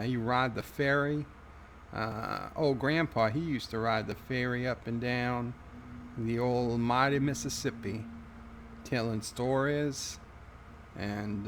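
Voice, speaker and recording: A man's voice: mid-range voice, fairly bright tone, a little hiss or hum. A man putting on a rambling country old-timer's voice, drawling through a folksy yarn.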